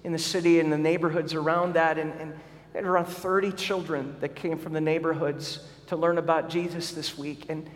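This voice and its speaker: A man's voice: on the high side, level tone, fairly quick. A middle-aged man preaching a sermon as pastor, earnest and often repeating words as he starts sentences. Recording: long hall reverb.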